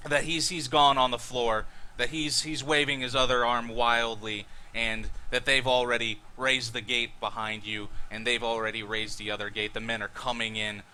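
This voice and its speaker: Guy dming a tabletop game, bright voice, rambly storytelling, little bit of hum behind. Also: medium pitch. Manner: vivid, rambling play-by-play with restarts. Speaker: dungeon master.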